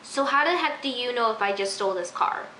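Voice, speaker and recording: A woman's voice: fairly high pitch, expressive, fairly quick, sharp tone, slight background noise. A teenage girl reviewing a TV episode in a casual, rambling, exasperated way, full of "like" and repeated phrases. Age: teens. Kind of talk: casual recap vlog. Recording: echoey room.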